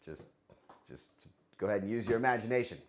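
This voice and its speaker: A male streamer in relaxed live-stream chat. His pitch swings widely as he talks. He is profane and teasing, and he goofs around with the audience. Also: quick pace. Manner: profane, joking, thanks chat for subs. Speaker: livestream host. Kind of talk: casual livestream chat.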